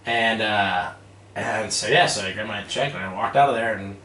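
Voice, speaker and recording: A man's voice: fairly low pitch, moderate pace, bright, forceful tone. A man in his thirties, a podcast guest, telling stories casually with lots of fillers and laughter. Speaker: guest, real estate developer. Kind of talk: casual storytelling. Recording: echoey room, distant mic, faint noise.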